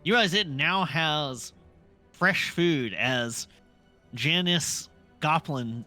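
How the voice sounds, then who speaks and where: A man narrating a tabletop role-playing game as dungeon master, setting scenes in an unhurried, descriptive way. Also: a little high, sharp tone, soft background music.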